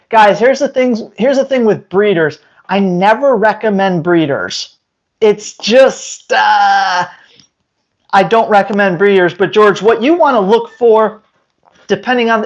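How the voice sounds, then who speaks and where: A man speaks straight to the viewer with blunt, emphatic dog-training advice in an instructional talk to camera. His voice is high and unhurried, and the recording has a slightly dull lo-fi sound.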